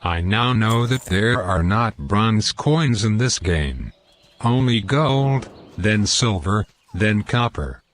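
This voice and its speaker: Slow, careful man narrating gameplay. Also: on the low side, lively intonation, slight background noise. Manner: deliberate, reads out lore and in-game quotes. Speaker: gameplay commentator.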